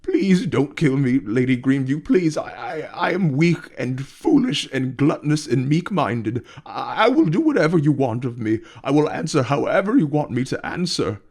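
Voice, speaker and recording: A man's voice: lively intonation, measured pace. A man reading aloud and voicing a cowardly, overweight merchant who stammers and begs in a raised, frightened voice. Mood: pleading. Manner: pleading, stammering, high and loud. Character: fat, cowardly, panicking male merchant.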